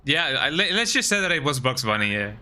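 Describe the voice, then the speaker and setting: A man's voice: on the high side, sing-song, brisk, sharp tone, slight background noise. A man streaming a video game while sick with a cold, chatting casually and tagging his lines with "eh?". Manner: laid-back chatter, tags lines with "eh?".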